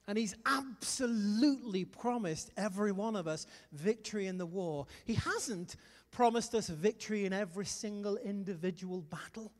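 Man, Liverpool accent, pastor, lively conversational sermon, high voice, long hall reverb. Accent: Liverpool English. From England. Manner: lively, conversational preaching with asides and quick jokes to the congregation.

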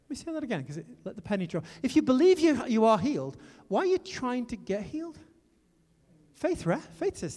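High-voiced man preaching in a reverberant hall. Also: a little fast. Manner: animated storytelling, swinging from loud emphasis to hushed asides. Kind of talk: sermon. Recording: long reverb of a church hall.

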